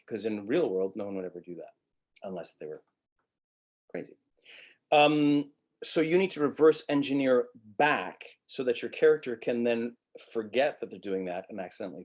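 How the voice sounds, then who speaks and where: A male acting teacher gives a webinar lecture in a husky, slightly breathy voice. He talks bluntly and drops profanity freely. He breaks into short acted-out lines of dialogue to make his points. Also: medium pitch. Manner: blunt, profane, animated, acts out quick quotes.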